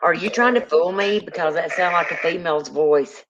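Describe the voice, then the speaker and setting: A woman hosting a paranormal livestream, chatting casually and teasing, quick to laugh. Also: lowish voice, highs cut off, background noise. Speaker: paranormal show host.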